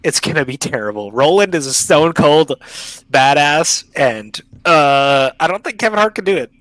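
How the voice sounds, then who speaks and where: A man's voice: fairly high pitch, expressive, normal speed, fairly bright tone, no echo, rough recording. A young man hosting a casual podcast chat over an online call, enthusiastic and slangy, often cutting himself off mid-sentence. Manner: enthusiastic, slangy, self-interrupting. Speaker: podcast host.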